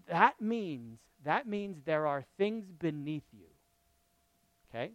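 Lively, high-voiced male preacher. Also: clean tone, no echo. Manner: lively, conversational, asks the audience questions. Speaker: pastor. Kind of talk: sermon.

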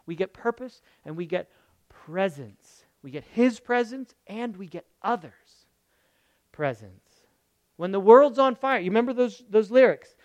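A pastor preaching a sermon emphatically, repeating key phrases and swinging between loud bursts and soft murmurs. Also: medium pitch, expressive, unhurried, no room sound.

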